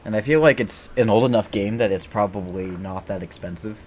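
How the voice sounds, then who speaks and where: Low-voiced man rambling over gameplay. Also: a little fast, slight background noise. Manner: rambling, joking, swears freely. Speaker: game streamer. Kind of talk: casual gameplay commentary.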